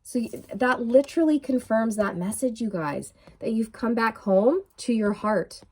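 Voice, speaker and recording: A woman giving a casual, excitable tarot reading to her viewers, full of fillers and restarts, with a frog in her throat. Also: on the high side, moderate pace, husky. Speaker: tarot reader. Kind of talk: intuitive tarot reading to camera.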